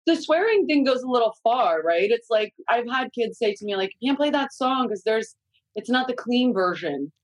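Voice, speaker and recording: A woman's voice: a little high, lively intonation, moderate pace, dry recording, rough recording. A woman in her forties, a podcast guest, chatting candidly about raising young kids and swearing freely. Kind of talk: casual podcast chat.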